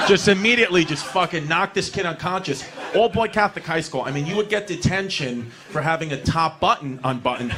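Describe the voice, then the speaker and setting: Profane New comedian, higher voice. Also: male voice, noisy background. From New York City. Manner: profane, rambling, animated storytelling with fillers. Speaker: stand-up comedian. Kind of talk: stand-up storytelling.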